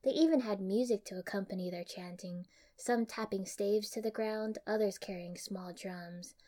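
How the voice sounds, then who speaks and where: A woman's voice: mid-range voice, moderate pace, dark tone. Young woman reading a story aloud. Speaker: audiobook reader. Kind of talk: reading fan fiction aloud.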